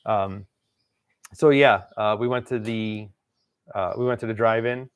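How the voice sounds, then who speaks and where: A Wisconsin man hosting his channel spins a long, rambling, casual story, laughing often and acting out quotes. His voice is on the low side, clear and resonant, a little slow with fairly even intonation, and there's no room sound.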